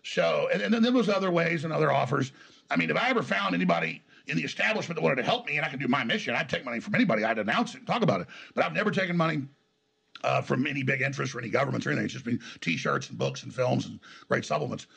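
Man, Texas accent, interview guest, very gravelly voice, husky edge, emphatic rambling storytelling. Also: on the high side, lively intonation, very fast, a bit bright. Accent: Texan. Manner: emphatic, rambling, acts out quoted exchanges.

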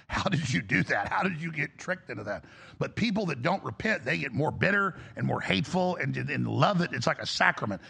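A man's voice: medium pitch, creaky, fairly bright tone, husky. A middle-aged man hosting a talk show, delivering a rambling, impassioned confessional monologue that rises into preaching.

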